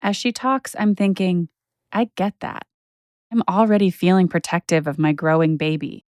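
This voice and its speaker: A woman in her thirties giving quiet, reflective scripted narration as a documentary host. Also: fairly low pitch, steady tone, moderate pace, dry recording, studio quality. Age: 30s.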